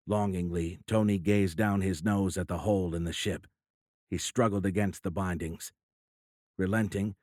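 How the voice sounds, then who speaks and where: Male audiobook narrator, low voice, steady and measured, dry close-mic studio sound. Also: no echo. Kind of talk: scripted narration.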